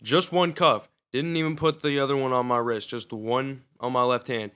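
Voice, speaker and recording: A man's voice: medium pitch, steady tone, moderate pace, a bit bright, clear, resonant tone. A young man casually telling a personal story in loose, profane, slangy talk.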